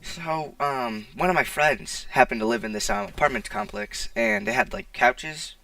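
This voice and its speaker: A man's voice: high-pitched, expressive, moderate pace, creaky, pushed and bright, dry recording. A teenage boy telling a casual storytime, rambling with lots of "like" and restarts, recorded on a poor mic. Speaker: vlogger. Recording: distant, dry, poor-quality mic.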